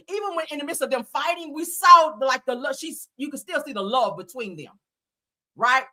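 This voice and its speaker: A woman's voice: high voice, lively intonation, a little fast, sharp tone. A woman hosting a live show, giving blunt, profane commentary on reality TV and reading viewers' comments aloud. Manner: blunt, profane, emphatic, often laughing. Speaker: host.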